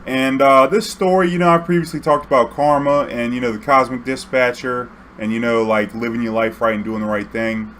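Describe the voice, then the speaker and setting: A man's voice: medium pitch, fairly even intonation, brisk, few pauses, a bit bright, slight background noise. A young man casually telling a story to his viewers, rambling and profane, full of fillers and acted-out quotes. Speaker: YouTube storyteller.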